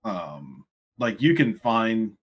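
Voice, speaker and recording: A man's voice: fairly low pitch, very animated, takes it slowly, slightly rough. A man co-hosting a casual gaming podcast, chiming in with background facts. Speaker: podcast co-host.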